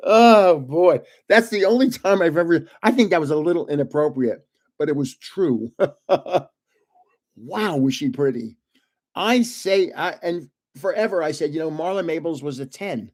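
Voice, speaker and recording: An older man hosting a live stream, telling rambling stories in a chatty way and laughing often. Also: on the high side. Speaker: host of a live card-opening stream.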